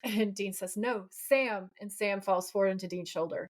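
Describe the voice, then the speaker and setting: Woman podcast co-host, medium pitch, gushing, animated retelling. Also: fairly quick. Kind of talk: casual podcast chat.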